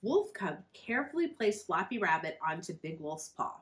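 A woman, a children's librarian, reading a picture book aloud to children in a friendly, expressive storytelling manner. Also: on the low side, moderate pace.

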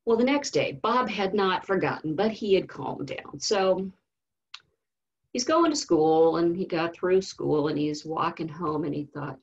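A woman teaching Sunday school, telling a story in an animated, storytelling way. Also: on the low side, a little slow, slightly rough, highs cut off. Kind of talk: storytelling lesson.

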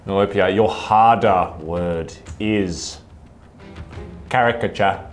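A woman's voice: rumbling low, slow, faint music behind. An Australian woman hosting a spelling bee, bossy and teasing. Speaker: quizmaster host. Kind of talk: comedic game hosting.

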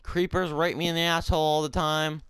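A man giving casual gameplay commentary, swearing and shouting in frustration, then talking softly to his in-game pet. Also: a little high, flat delivery, a little fast, smooth, dry recording.

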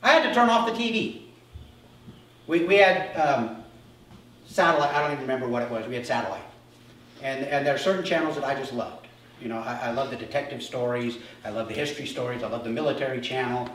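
A man's voice: mid-range voice, fast talker, a bit bright, a little hiss or hum. A male pastor preaching a conversational sermon, acting out little dialogues as he goes. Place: church sanctuary. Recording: echoey church hall, mic far off.

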